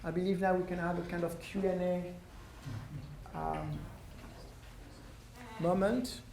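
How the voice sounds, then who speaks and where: French-accented man, hoarse, in an echoey hall. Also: high-pitched, little pitch movement, a little mellow. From France. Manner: halting, repeats words, many ums. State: losing his voice. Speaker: visiting ambassador speaking to an audience. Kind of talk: public talk with Q and A. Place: lecture room at a university. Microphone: no microphone, room recording. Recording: echoey room with faint noise.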